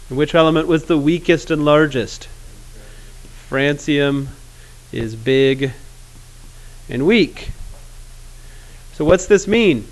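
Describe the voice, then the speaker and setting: A man teaching chemistry in a classroom, casual and joking, with awkward pauses. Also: a little high, smooth. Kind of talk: classroom lecture.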